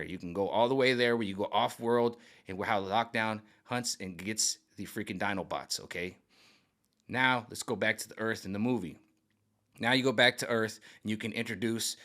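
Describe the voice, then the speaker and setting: A man casually pitching his own version of a film's story. He rambles, searches for words with many fillers, and keeps checking in with "right?" and "okay?". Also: fairly bright tone. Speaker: fan video creator. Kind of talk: casual pitch of a film rewrite.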